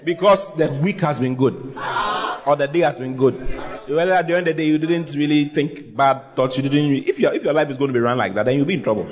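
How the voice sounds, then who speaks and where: Animated preacher, fairly high voice. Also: male voice, fairly quick. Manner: animated and humorous, with teasing asides and repeated phrases. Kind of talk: sermon with call and response. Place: church with a live congregation.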